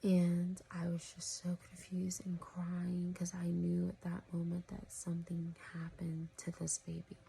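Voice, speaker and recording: A woman's voice: lowish voice, monotone, a little slow, vocal fry, few pauses, mellow, slight background noise. A woman vlogger telling a story in casual talk to camera, rambling with lots of fillers and often dropping into a whisper. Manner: rambling, full of "you know" and "like", often drops to a whisper.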